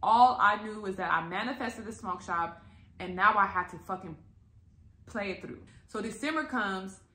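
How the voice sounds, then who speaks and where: A woman telling a story to her viewers in a casual, animated and profane way, acting out the quotes. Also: medium pitch, normal speed. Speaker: vlogger. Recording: echoey room.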